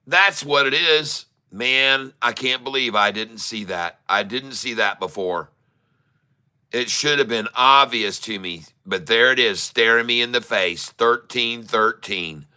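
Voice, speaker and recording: A middle-aged man giving excitable, taunting live commentary while day-trading, drawling numbers and talking to the market. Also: medium pitch, measured pace, clean tone.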